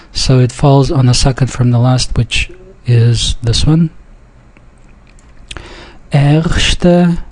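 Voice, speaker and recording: A man teaching a pronunciation lesson, speaking deliberately and repeating words with pauses and small restarts. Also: medium pitch, darkish tone, poor audio. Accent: speaks a Yiddish dialect. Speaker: language teacher. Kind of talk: slow classroom-style pronunciation lesson.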